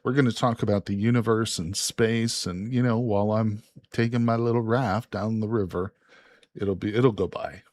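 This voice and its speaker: A man's voice: fairly low pitch, fairly even intonation, moderate pace, darkish tone, no room sound. A man from Illinois casually commentating a multiplayer game on a live stream, laid-back and joking as he goes. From Illinois, USA.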